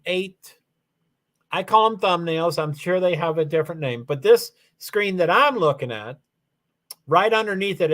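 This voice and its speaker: Man rambling through a livestream. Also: fairly high pitch. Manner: rambling, repeats "allegedly", frequent restarts; talks through software settings step by step. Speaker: livestream host. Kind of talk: casual livestream chat, reading comments.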